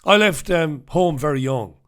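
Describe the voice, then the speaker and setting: Brash, sarcastic host. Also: male voice, a little high, animated, unhurried, fairly bright tone. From Ireland. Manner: brash, sarcastic, swears freely. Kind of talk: live newspaper review with chat shout-outs.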